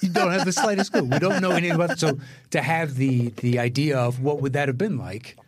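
A man's voice: fairly high pitch, steady tone, quick pace. Laid-back man chatting about films. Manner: laid-back, conversational, casually profane. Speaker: podcast co-host. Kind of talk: casual film discussion.

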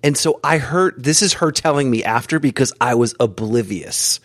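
A man's voice: medium pitch, normal speed, no room sound, studio quality. A man hosting a podcast, chatting casually and telling jokey stories. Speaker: podcast host. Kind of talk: casual interview chat.

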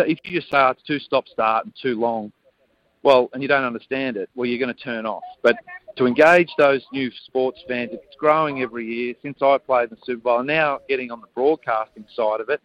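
A man's voice: mid-range voice, brisk, no echo. A man, a former player now broadcasting, chatting as a guest on a radio show. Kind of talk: casual radio chat. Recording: dull, lo-fi phone line.

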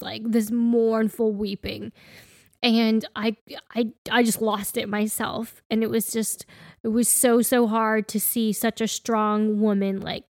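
A woman's voice: fairly high pitch, creaky, darkish tone, no echo, studio quality. A woman co-hosting a casual conversation, telling personal stories in an earnest way.

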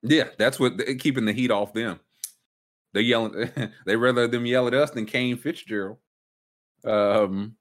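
A man hosting a casual sports talk show, ranting with big swings up in pitch when worked up. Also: sing-song, unhurried, fairly bright tone. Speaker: sports podcast host.

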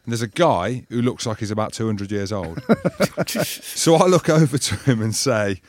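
A man co-hosting a podcast, telling lively anecdotes in casual banter and acting out the shouts of people in his stories. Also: on the low side, moderate pace, no echo. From Scotland. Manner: animated storyteller, acts out loud voices in anecdotes. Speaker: podcast co-host.

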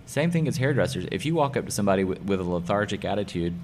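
A man's voice: fairly low pitch, expressive, rapid-fire, a little mellow, slight background noise. A man who works as a hairdresser and salon owner, talking energetically as a guest in a casual interview and repeating his key points for emphasis.

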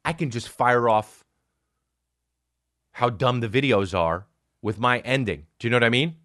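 A man hosting a podcast, rambling in a profane casual monologue and jumping into loud, high-pitched outbursts. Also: normal speed, dry recording, studio quality. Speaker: podcast host.

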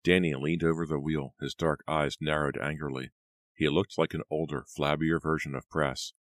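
A man narrating an audiobook in a steady, even reading. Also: extremely low pitch, normal speed, dry recording. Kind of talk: scripted narration.

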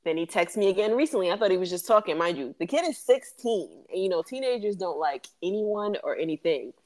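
Chatty lower-voiced woman podcaster. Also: expressive, brisk, a little mellow. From West Indies. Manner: chatty, laughing, many fillers. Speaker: podcast co-host. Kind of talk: casual chat.

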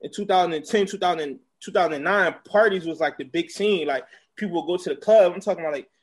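A young music promoter with a Philadelphia accent chats casually as an interview guest in a high-pitched, husky voice, talking fast. He's laid-back and rambles, with plenty of filler words.

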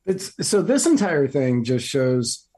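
Measured male co-host, husky and mellow, explains with dry asides. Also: mid-range voice, very animated. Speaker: podcast co-host. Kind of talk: casual political comedy chat.

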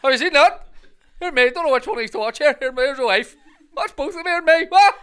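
Man putting on a high-pitched, loud bloke, hammy, keeps shouting "here, mate", flustered over video recorders. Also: lively intonation, fast talker, full character voice. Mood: excited.

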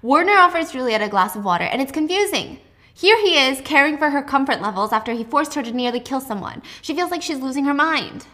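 A young woman recaps a novel in a casual, animated way, breaking off for asides. Her voice sits a bit high. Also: fast talker. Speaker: host.

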